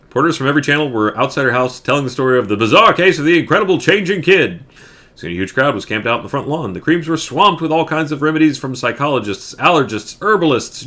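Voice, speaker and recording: A man reads a children's picture book aloud in a bright, forceful voice, and his pitch moves a great deal as he goes. He is animated and drops in joking asides. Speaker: streamer reading a picture book.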